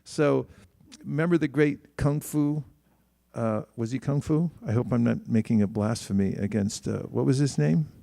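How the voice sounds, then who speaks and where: A man's voice: mid-range voice, moderate pace, vocal fry, mellow, dry recording, studio quality. A man giving a spiritual talk in a conversational way, often restarting his sentences and livening up for quoted asides.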